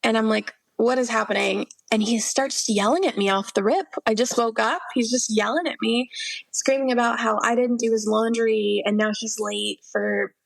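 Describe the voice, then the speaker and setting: A woman's voice: a little high, steady tone, normal speed, vocal fry, no room sound. A young woman guest on a podcast, earnestly telling her personal faith testimony, quoting herself and laughing through hard memories.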